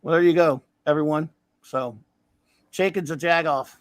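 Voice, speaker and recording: A man's voice: a little high, fairly even intonation, normal speed, dry recording, low-quality recording. A man in his fifties hosting a casual podcast chat, telling rambling anecdotes in a blunt, crude, joking way. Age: 50s. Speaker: podcast host.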